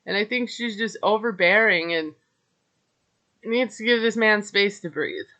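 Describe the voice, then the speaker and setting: Slow, chatty woman recapping reality TV. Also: medium pitch, sharp tone. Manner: chatty, gossipy, judgmental asides with filler words. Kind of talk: casual recap monologue.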